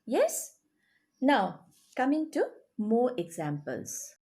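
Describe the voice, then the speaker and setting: A woman's voice: a little high, huge pitch swings, slow, mellow. A woman teaching a grammar lesson to children, explaining patiently and checking in with questions. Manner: explains patiently, checks in with rising "yes?" and "okay?".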